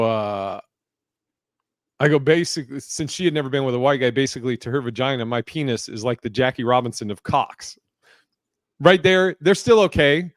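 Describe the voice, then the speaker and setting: A man in his thirties hosting a casual podcast, telling stand-up stories in a lively, swearing, laughing way. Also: mid-range voice, dry recording. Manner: animated storyteller, swears freely, laughs a lot. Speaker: podcast host and comedian. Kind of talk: casual podcast chat, storytelling.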